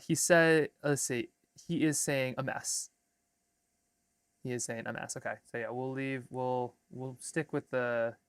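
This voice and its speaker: A man's voice: mid-range voice, vocal fry, dry recording. A young man from Alaska, an artist and filmmaker, chatting casually on a livestream while he rambles through edits and reads chat comments and draft lines aloud.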